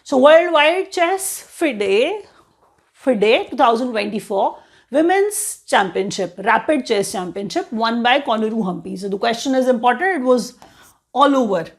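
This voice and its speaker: High-voiced Indian woman teaching current affairs. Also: animated, normal speed. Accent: Indian English. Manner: chatty, repeats "you know" often. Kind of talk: online exam-prep lesson.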